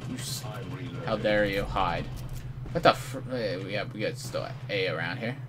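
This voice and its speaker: A man giving live commentary over his own online shooter match, excitable and mock-outraged, trash-talking opponents. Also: fairly low pitch, moderate pace, very noisy. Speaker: gameplay commentator.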